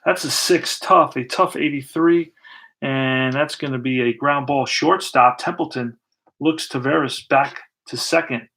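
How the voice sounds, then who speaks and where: Gravelly man calling a tabletop baseball replay. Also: medium pitch, measured pace. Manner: relaxed, thinks aloud while rolling dice and pulling cards. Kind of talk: casual play-by-play of a dice game.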